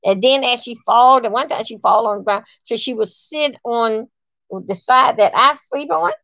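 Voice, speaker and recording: A fairly high-voiced woman telling a story from her own life in a loose, colloquial way. She is emphatic and animated, and she acts out the lines of the people in her story. The recording is dry and close. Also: moderate pace, gravelly, no room sound. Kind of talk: casual spoken storytime.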